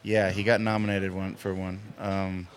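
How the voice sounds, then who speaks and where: A man's voice: deep voice, level tone, moderate pace. A man talking as a guest in a casual interview, playful and jokey, often laughing. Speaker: actor guest.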